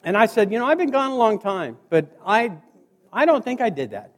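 Animated storytelling man in a hall. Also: high voice, fairly quick. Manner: animated storyteller acting out dialogue. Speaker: keynote speaker. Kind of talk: humorous motivational speech. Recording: hall reverb.

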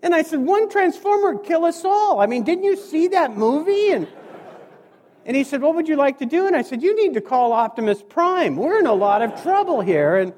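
Male keynote speaker, animated, acts out dialogue, very expressive pitch, reverberant hall. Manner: animated storyteller acting out dialogue. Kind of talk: humorous motivational speech.

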